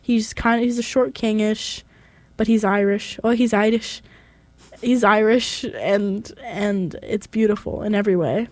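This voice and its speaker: A woman's voice: mid-range voice, unhurried, darkish tone, no echo. A woman co-hosting a podcast, chatting casually and enthusiastically, rambling with restarts. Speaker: podcast co-host. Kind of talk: casual chat.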